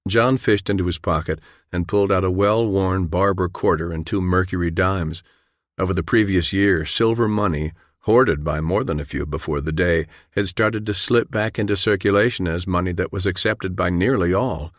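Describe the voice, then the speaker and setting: A man narrating an audiobook in a steady, measured storytelling voice. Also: sits low, dry recording, clean studio sound.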